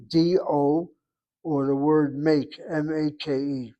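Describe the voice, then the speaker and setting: A patient man teaching a language class, his voice sitting a little high as he walks methodically through grammar and gently corrects his students. He explains each point step by step. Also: slow. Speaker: Hebrew teacher. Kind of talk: online class instruction.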